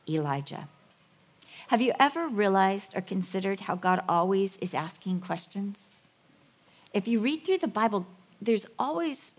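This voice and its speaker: A middle-aged woman preaching to a women's group, animated and storytelling. Her voice sits at an ordinary pitch for a woman. She slips into little acted voices as she retells scenes. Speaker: women's ministry speaker. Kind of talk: sermon with acted-out Bible dialogue.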